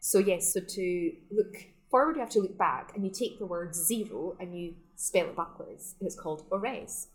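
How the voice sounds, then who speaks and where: Speaking from her sustainable fashion shop in the Scottish Highlands, this woman gives a casual interview full of chatty enthusiasm and frequent laughter. Her voice sits on the low side, moving at a moderate pace with few pauses, and the recording is rough.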